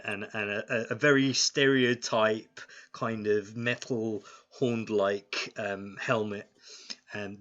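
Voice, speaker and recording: A man narrating as game master, halting often with fillers and restarts. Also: on the low side, fairly bright tone. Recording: dull lo-fi sound.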